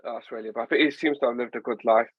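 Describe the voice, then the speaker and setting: A man in his forties with a Northern English accent, chatting casually as a podcast host, animated and jokey. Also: mid-range voice, fast talker, breathy edge, highs cut off. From England. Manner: animated, jokey, puts on voices. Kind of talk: casual chat.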